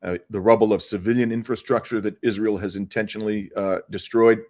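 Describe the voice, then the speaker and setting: A man's voice: fairly low pitch, fairly even intonation, fairly quick, a little mellow. A middle-aged man, a lawyer and activist, giving an earnest interview answer, arguing with frequent hesitations and restarts.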